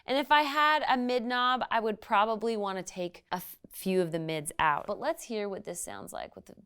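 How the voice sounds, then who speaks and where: A woman giving a relaxed, friendly guitar lesson as a guest instructor, explaining amp settings step by step. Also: medium pitch, moderate pace, clear, resonant tone. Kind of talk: casual guitar lesson demo. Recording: loud guitar music between lines.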